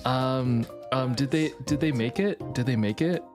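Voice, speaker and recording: A young adult livestreamer chatting casually and excitably with viewers, often repeating phrases. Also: mid-range voice, a little slow, music in the background.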